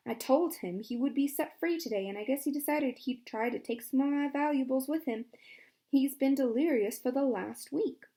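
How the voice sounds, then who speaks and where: A woman's voice: high voice, moderate pace, warm tone, voice pushed up. Give me a woman playing a stern, lying female camp warden, clipped and defensive.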